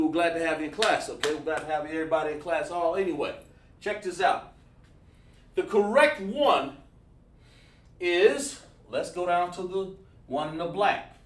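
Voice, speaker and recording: A man's voice: fairly high pitch, recorded from a distance. A man teaching a livestreamed language lesson, easygoing and repetitive, praising students by name as he writes on a board. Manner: relaxed, repetitive, thinks aloud while writing on a board. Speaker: class instructor. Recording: echoey room, speaking away from mic.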